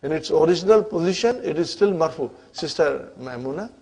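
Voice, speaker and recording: A man teaching Arabic grammar to a class in English, often stopping to ask whether the students follow, and spelling out grammar terms slowly. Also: fairly high pitch, expressive, gravelly, a little mellow, slightly rough. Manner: checks in with students constantly, asking "huh?" and "are you with me?".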